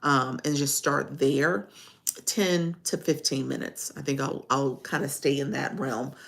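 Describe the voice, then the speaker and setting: A woman's voice: rumbling low, steady tone, measured pace, creaky. A woman with a Chicago accent, a live-streaming coach talking casually and chattily, often laughing as she rambles. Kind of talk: casual livestream talk.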